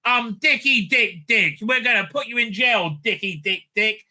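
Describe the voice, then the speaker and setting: A smug, bullying senator swaggers through crude boasts in a raised, bright, sneering voice, as a man parodies him. The mockery is broad and deliberate. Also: sits high, pitched above the performer's own voice. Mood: gloating. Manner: mocking, crude self-insulting boasts.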